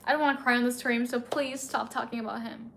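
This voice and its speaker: A woman's voice: on the high side, fairly even intonation, fast talker, vocal fry, a bit bright, a little hiss or hum. A young woman streaming late at night, a bit tipsy and emotional, tearfully answering her chat in casual talk.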